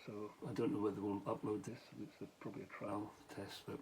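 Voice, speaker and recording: Casting note: tired, middle-aged Scottish man, lowish voice, rambling anecdote with restarts and chuckles, faint hiss behind. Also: flat delivery, fast talker, a little mellow, rough recording. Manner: meandering, many restarts and asides, chuckles. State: tired, late at night. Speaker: vlogger, former police officer. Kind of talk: rambling late-night storytelling.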